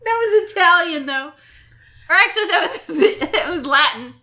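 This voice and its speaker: A woman's voice: very high-pitched, animated, normal speed. A woman co-hosting a podcast who wisecracks and laughs at her own jokes. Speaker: podcast co-host. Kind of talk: casual chat. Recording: echoey room with loud noise.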